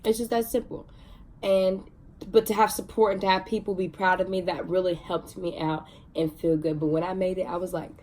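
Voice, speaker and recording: A young woman vlogging, telling her own story in a chatty, excitable way with many fillers. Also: lowish voice, fairly quick. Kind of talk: casual storytelling to camera.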